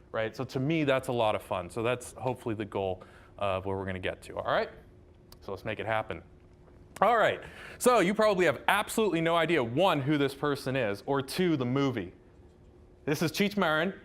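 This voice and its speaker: Man, math professor, public lecture, enthusiastic, chatty, self-deprecating, mid-pitched voice. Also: a bit bright. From Southern California.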